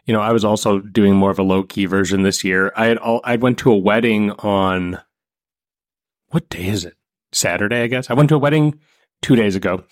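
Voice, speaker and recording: A young man co-hosting a podcast, telling stories in a casual, animated way and acting out quotes. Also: fairly low pitch, a little fast, no room sound, clean studio sound. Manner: animated storyteller, acts out quotes. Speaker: podcast co-host. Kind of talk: casual chat.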